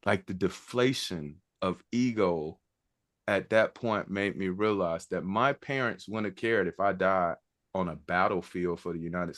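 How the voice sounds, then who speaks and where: A man's voice: deep voice, fairly bright tone. Reflective man telling a personal story. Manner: casual, reflective, quotes others in conversation.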